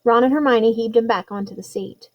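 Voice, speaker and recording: A woman narrating a storybook chapter in a measured, suspenseful way. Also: a little high, muffled recording. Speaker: audiobook reader.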